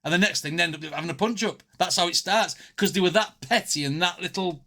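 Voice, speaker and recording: British male reaction host, high-pitched, casual rambling chat, laughs often. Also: fast, pushed and bright. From United Kingdom.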